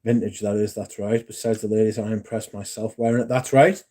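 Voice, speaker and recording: A man's voice: lowish voice, steady tone, fairly quick, mellow. A man, chatting casually and rambling on a livestream, answering viewers and swearing now and then. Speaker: livestream host. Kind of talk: casual chat.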